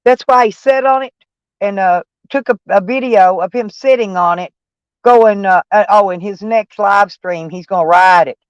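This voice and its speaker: A woman's voice: mid-range voice, moderate pace, clear, resonant tone, no room sound, lo-fi sound. Mocking woman streamer. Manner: mocking, sarcastic, laughing at chat trolls. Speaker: van life streamer. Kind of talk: casual live-stream chat.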